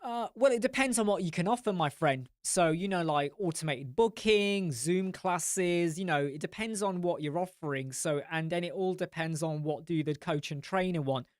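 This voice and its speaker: A man with an English accent that mixes northern and southern, hosting a live stream chat and answering viewer comments in a blunt, animated way that swears freely. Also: high-pitched, moderate pace, hardly any pauses, dry recording, clean studio sound. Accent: English, mix of northern and southern.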